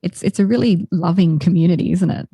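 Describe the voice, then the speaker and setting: An Australian woman chatting casually as a podcast guest. Her voice is lowish, with a dark, mellow tone. The sound is dry and close. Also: fast talker, husky, dry recording. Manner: chatty, laughs between phrases. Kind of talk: casual chat.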